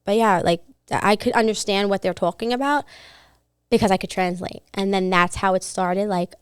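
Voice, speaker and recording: A woman co-hosting a podcast, telling a story in a casual, animated way with lots of filler words. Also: medium pitch, normal speed, clean tone, no echo, clean studio sound. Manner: animated, chatty, many fillers. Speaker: podcast co-host.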